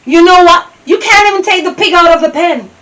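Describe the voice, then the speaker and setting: A woman with a Jamaican accent playing a domineering, scornful wife who scolds her husband and her maid, often breaking into shouts. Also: very high-pitched, a little fast, heavy background noise. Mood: scolding. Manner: scolding, cutting, bursts into shouts. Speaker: actor in a Jamaican stage-style movie.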